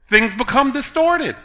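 A man preaching a sermon, telling a story with laughs, then reading scripture slowly and building to loud emphatic points. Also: extremely high pitch. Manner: drawn-out, slow reading of scripture.

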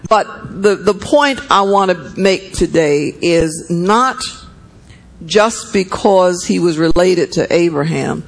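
A man preaches a sermon with a fairly high-pitched voice. He reads scripture aloud and breaks off into conversational asides. He repeats key words for emphasis and checks in with his listeners. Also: takes it slowly, creaky, rough recording.

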